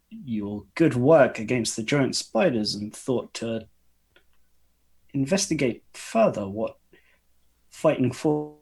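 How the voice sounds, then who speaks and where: A man's voice: mid-range voice, creaky, slightly rough. A man speaking in character as a sorcerer in a tabletop game, hesitant and overly polite, with frequent stammers. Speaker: player.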